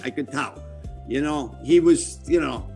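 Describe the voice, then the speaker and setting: A man's voice: on the high side, unhurried, creaky, a little mellow, faint music behind. Blunt, profane older man in his seventies. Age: 70s. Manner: blunt, profane, quotes people in their voices. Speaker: interview guest. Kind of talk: casual storytelling interview. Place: a home.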